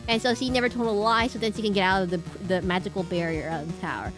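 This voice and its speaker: A woman's voice: mid-range voice, very fast, music in the background. A woman streamer chatting casually and rambling while she plays a game. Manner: rambling, chatty, lots of fillers and restarts.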